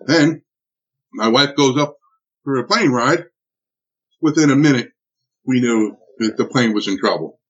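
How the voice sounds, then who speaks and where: A man recounting a personal ordeal in an interview, animated and full of restarts and acted-out quotes. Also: medium pitch, measured pace, long pauses, breathy edge. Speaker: interviewee telling a personal story. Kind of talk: emotional spoken recollection. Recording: dull lo-fi recording.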